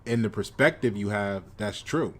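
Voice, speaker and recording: A man's voice: lowish voice, moderate pace, a bit bright. An American man delivering a confrontational lecture on his channel, repeating himself as he drives his points home. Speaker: channel host. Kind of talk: monologue commentary.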